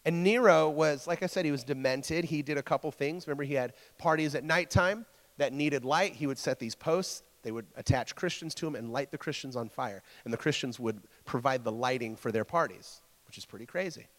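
A man's voice: medium pitch, brisk, in a large hall. A man preaching a casual sermon to a church group. He stumbles over his words, repeats himself and keeps checking in with the listeners.

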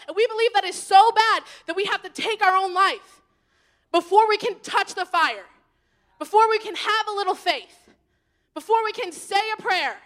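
A young woman giving an informal sermon to young people, chatty and animated, swinging between loud and hushed. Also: extremely high pitch. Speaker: youth leader giving a message.

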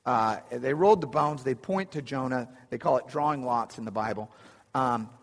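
A man's voice: medium pitch, moderate pace. Man preaching in a reverberant hall. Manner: conversational, chuckling asides, frequent restarts. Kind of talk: sermon with slides.

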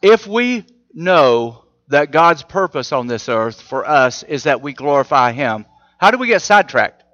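Lively man preaching in an echoing hall. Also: on the high side, a little slow. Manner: conversational, asks rhetorical questions. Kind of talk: sermon. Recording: muffled audio with long hall reverb.

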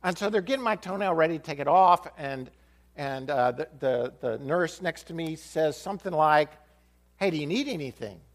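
Pastor, male, lively storytelling sermon, fairly high voice, swings widely in pitch. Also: moderate pace. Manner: animated, acts out dialogue with shifting voices.

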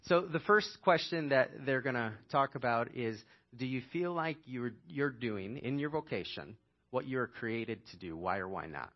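Earnest pastor, dry dull sound. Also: male voice, medium pitch, animated, normal speed, no room sound. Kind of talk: sermon and panel moderation.

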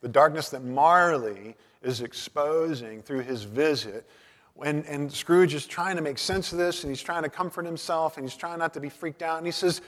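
Male pastor, relaxed conversational sermon, frequent restarts, hushed emphasis, hall reverb. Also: normal speed. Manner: conversational, restarts often, drops low and soft on key points.

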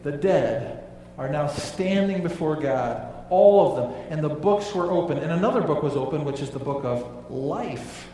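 A man preaching a sermon, emphatic, dropping low and quiet on key phrases. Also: animated, normal speed, hardly any pauses, recorded from a distance, a little hiss or hum. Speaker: pastor. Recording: echoey hall, voice from off-mic.

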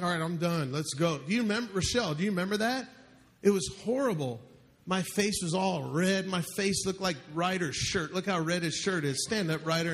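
High-voiced joking male pastor. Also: fairly bright tone, a little hiss or hum. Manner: joking, calls out questions to the congregation. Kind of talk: sermon. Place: church before a live congregation.

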